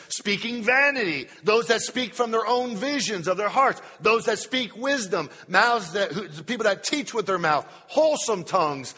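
High-voiced preacher in a reverberant hall. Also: male voice, sharp tone, breathy edge. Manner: preacherly, stretches key words slowly. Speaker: pastor. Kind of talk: sermon at a Bible study.

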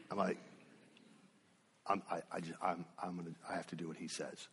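A man preaching a sermon, telling a personal story with emphatic, drawn-out phrasing. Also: deep voice, steady tone, gravelly, husky, big-room sound.

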